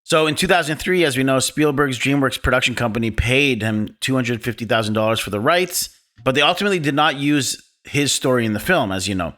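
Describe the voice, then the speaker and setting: Podcast host, male, bright tone, animated and opinionated storyteller. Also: mid-range voice, a little fast. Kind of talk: casual film discussion.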